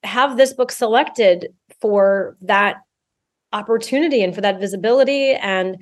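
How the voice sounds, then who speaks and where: A woman author talking as a podcast guest, expressive and talkative. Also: mid-range voice, a little slow. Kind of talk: podcast interview.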